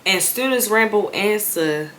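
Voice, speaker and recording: A woman's voice: mid-range voice, normal speed, slight background noise. A young woman vlogger telling a casual storytime, chatty and full of slang, building to exasperated outbursts. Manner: animated and conversational, with slang, rising into exasperated outbursts. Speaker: vlog host.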